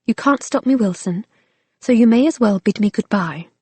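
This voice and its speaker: A woman's voice: on the high side, expressive, normal speed, mellow, slightly rough. A woman voicing an impulsive, defiant young woman who is running away from home.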